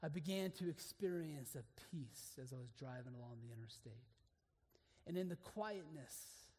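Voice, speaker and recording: Earnest high-voiced preacher in reverberant hall. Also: male voice, animated, moderate pace. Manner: earnest, swinging from hushed to emphatic. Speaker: preacher speaking to men. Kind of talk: sermon.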